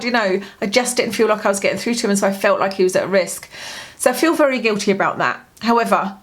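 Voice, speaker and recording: A woman's voice: on the high side, animated, racing, a bit bright. Candid woman telling a story. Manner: candid, rambling storytelling with many fillers. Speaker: vlogger. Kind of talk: personal grief diary vlog.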